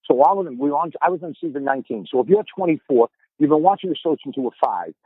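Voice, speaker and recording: A man's voice: on the high side, expressive, rapid-fire, no room sound, narrow, tinny audio. Boston guy in his 50s just rambling through stories, repeats himself a lot, sounds thin and phoney, real dry. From Boston area, USA. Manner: rambling, repeats words as he starts sentences. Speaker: podcast guest. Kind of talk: casual storytelling chat.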